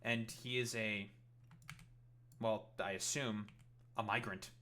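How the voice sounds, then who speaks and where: A man's voice: on the low side, fairly even intonation, takes it slowly, bright, forceful tone, slight background noise. A man ranting in a reaction commentary, profane and rambling with many fillers.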